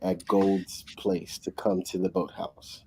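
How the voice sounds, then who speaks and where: A man co-hosting a casual book discussion, recapping the plot in an excitable, rambling way with lots of restarts. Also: deep voice, slow, a little hiss or hum, low-quality recording. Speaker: book club co-host.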